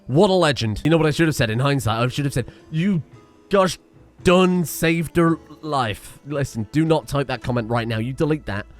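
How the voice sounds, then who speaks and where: A man giving chatty, excitable commentary while playing a game, swearing often. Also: mid-range voice, fast, hardly any pauses, soft background music. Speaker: gaming streamer. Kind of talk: casual gameplay commentary.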